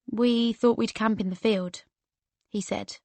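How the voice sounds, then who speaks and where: A man's voice: high-pitched, fairly even intonation, slow, darkish tone, no echo. A woman voicing a blunt, teasing teenage boy with a posh, sardonic edge. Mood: dry.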